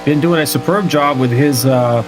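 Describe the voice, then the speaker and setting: A man with a voice on the high side talks at normal speed over music and racing engine noise. In a conversational, joking manner, he commentates a simulated stock car race live and reads out what viewers type in chat.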